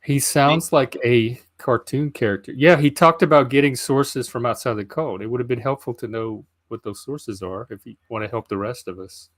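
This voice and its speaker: A man's voice: medium pitch, normal speed, hardly any pauses. A man hosting a casual podcast, talking bluntly and critically, often thinking aloud. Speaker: podcast host. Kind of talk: casual chat.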